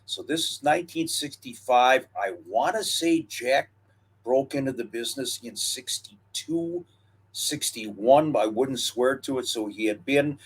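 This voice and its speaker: Older male podcast co-host, casual reminiscing delivery, unhurried with fillers. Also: medium pitch, big pitch swings, creaky, breathy edge. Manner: storytelling, reminiscing, drawn-out pauses and fillers. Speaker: wrestling history podcast co-host. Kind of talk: casual historical chat.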